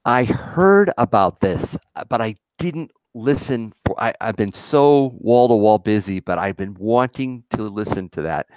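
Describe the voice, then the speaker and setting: Low-voiced man chatting on a livestream. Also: animated, measured pace, few pauses, a little mellow, clean tone, no room sound, clean studio sound. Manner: chatty, laughs often, reads chat aloud. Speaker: livestream co-host. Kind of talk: casual live chat.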